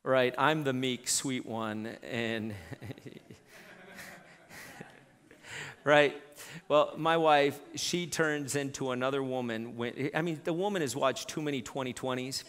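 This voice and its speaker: A middle-aged man preaching a sermon, telling a lively story with many repeated starts. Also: mid-range voice. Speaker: pastor. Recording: long reverb in a church hall.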